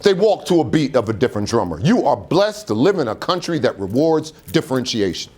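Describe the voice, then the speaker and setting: A man's voice: medium pitch, brisk. A man giving a motivational speech to an audience, full of rhetorical questions. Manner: animated preacher-like delivery with rhetorical questions. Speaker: motivational speaker. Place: auditorium.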